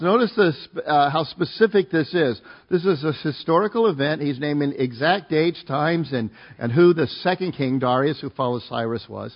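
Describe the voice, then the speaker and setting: Man, sermon, reads scripture and explains it, fairly high voice, dull lo-fi recording. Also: normal speed, few pauses. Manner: conversational, asks the congregation to join in. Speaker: pastor.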